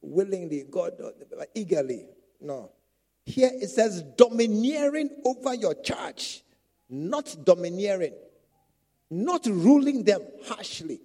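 Faint music plays behind a pastor preaching to church leaders in a high-pitched voice at a slow pace. His animated sermon repeats phrases and acts out quotes.

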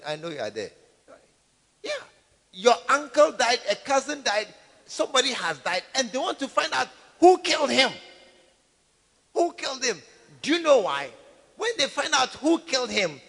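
Preacher guy, really high voice, bright and sharp, church hall echo behind him. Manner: emphatic, questioning the congregation. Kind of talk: sermon.

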